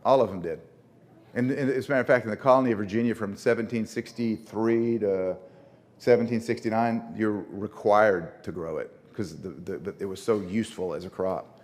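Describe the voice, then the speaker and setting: A man with a northern Louisiana accent presents a lecture at a conference, talking through his slides. His voice sits fairly low, and he keeps a conversational tone, repeating words as he restarts sentences and putting questions to the audience. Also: moderate pace, a little mellow. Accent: Northern Louisiana (Shreveport).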